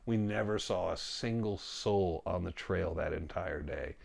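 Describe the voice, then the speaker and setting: A man casually telling a story about a hike, animated, often quoting himself and his friend and laughing as he goes. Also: low voice, measured pace, gravelly. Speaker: storyteller guest.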